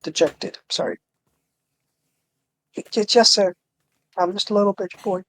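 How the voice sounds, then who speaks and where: A woman's voice: mid-range voice, a little slow, natural voice. A woman reading the lines of a hapless male police detective in a game, goofy and crude with cursing. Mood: dejected.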